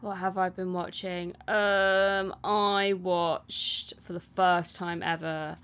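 A woman co-hosting a film review podcast, talking in a chatty, animated way with many fillers. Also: fairly low pitch, slow, clean tone. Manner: chatty and animated, frequent "like" and laughs. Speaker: podcast co-host. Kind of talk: casual film review chat.

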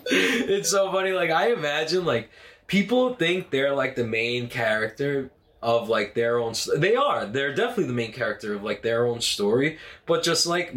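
A man who competes in jiu-jitsu, telling a story in a casual, animated monologue. He swears a lot, leans heavily on "like", and is recorded on a phone. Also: lowish voice. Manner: animated, profane, heavy use of "like".

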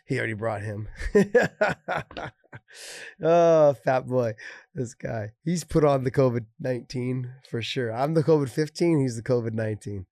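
A man's voice: medium pitch, normal speed, dark tone, dry recording, studio quality. A man co-hosting a casual chat, joking and teasing his friends between fight talk. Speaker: podcast co-host.

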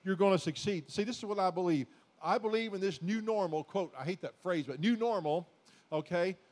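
A male pastor preaches to his congregation in a high-pitched voice at a brisk pace, exhorting them in a folksy, repetitive style that builds toward loud, emphatic declarations.

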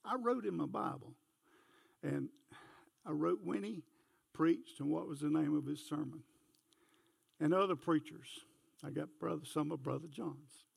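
An older man preaching in a church, his voice high and full of gravel. He spins homespun stories and talks directly to the congregation, and the recording is dry and close. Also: a little slow, pauses often, dry recording. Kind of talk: folksy sermon with storytelling. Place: church sanctuary.

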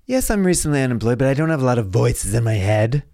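A man voicing an angsty, loudmouthed activist woman with a raspy voice, combative and ranting. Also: medium pitch, very animated, fast, no echo. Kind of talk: improvised comedy sketch.

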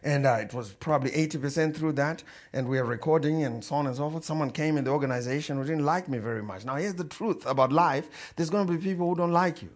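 A man preaching a sermon as a story, animated and swinging between loud and quiet, chuckling as he goes. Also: fairly high pitch, quick pace, few pauses. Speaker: pastor.

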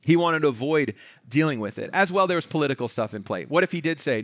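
A male pastor with a high-sitting voice speaks fast in a clean studio recording with no echo. Preaching animatedly, he explains a scripture passage and acts out its dialogue in different voices.

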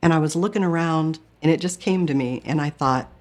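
A woman from Michigan earnestly recounts an emotional near-death experience, often acting out her own thoughts. Her voice sits low and she talks briskly.

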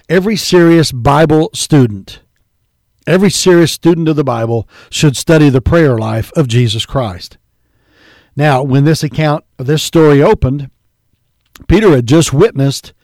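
Calling his audience "folks" and "believer," a man preaches earnestly and reads scripture aloud in King James wording. His fairly high voice is a little mellow, recorded dry with clean studio sound.

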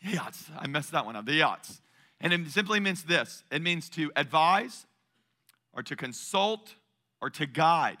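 A man, preaching a sermon as pastor, joking and animated and calling on the congregation for responses. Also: fairly high pitch, measured pace.

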